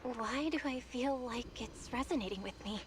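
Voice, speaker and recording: An actress voicing a young woman game companion who asks quick, alarmed questions. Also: a little high, noisy background, natural voice.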